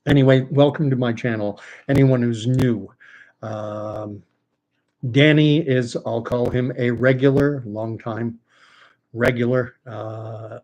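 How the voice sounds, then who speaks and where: Canadian male channel host, mid-pitched, chatty and digressive, casual live-stream delivery. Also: darkish tone. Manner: rambling, chatty, many fillers and asides. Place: home, talking to his dog.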